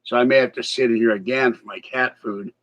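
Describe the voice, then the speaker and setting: A man's voice: medium pitch, steady tone, brisk, fairly bright tone. A man vlogging in a casual, rambling way, chatting and complaining about his day. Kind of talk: casual chat to camera. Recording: slightly dull lo-fi sound.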